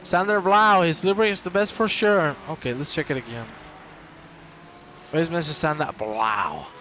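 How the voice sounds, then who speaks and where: A man giving live sim racing commentary, energetic and joking with his co-host between race calls. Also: on the high side, normal speed, a little hiss or hum.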